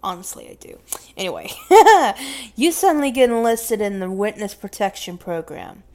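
A young woman with a Southern US accent and a slightly high, dark-toned voice chats casually and animatedly at normal speed while answering question prompts. She rambles, corrects herself, laughs, and sometimes drops to a whisper.

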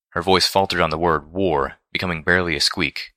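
A man reading a fan-fiction story aloud in a steady storytelling manner. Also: low-pitched, fairly quick, few pauses, no room sound, studio quality. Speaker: reader.

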